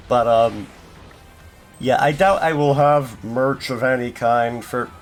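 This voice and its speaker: Guy streaming a game, talks real slow and rambly, awkward self-deprecating chat, quiet game music in the back. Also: medium pitch, animated. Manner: rambling, self-deprecating, lots of fillers and restarts. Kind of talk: casual gaming stream chat.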